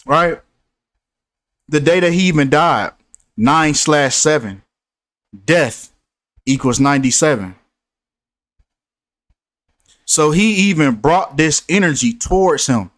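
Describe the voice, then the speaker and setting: A man talking to his viewers in a casual commentary, preachy and repetitive as he drives his points home. His voice sits a little high. The sound is close and dry. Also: animated, slow, pauses often, a bit bright, dry recording. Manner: preachy, repeats himself for emphasis. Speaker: host.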